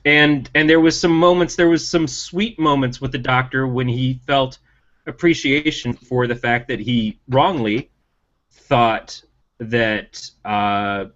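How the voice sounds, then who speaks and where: Taking it slowly in a steady, fairly bright tone, a man co-hosting a podcast rants about TV in casual conversation. He's opinionated and emphatic, his pitch climbing for emphasis, and the lo-fi sound is dull and slightly muffled.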